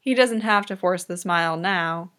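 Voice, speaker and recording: A woman reader narrating a fan audiobook in a calm, measured storytelling manner. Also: fairly low pitch.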